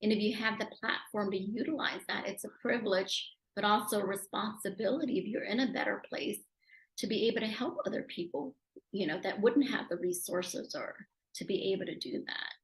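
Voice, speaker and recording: A woman guest talks through her journey as a speaker and author in a relaxed interview. Her telling is animated and emotional, and it climbs in volume when she reaches the moments that moved her. The recording has a noticeable roomy echo. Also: fairly quick. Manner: animated, emotional, rising loudly at high points. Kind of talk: conversational interview storytelling.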